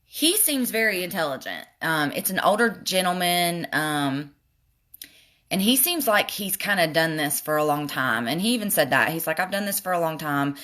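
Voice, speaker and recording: Bright-voiced woman venting while doing makeup. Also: lowish voice, normal speed. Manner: frustrated, animated storytelling with swearing. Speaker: beauty vlogger. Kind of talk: makeup tutorial with venting story.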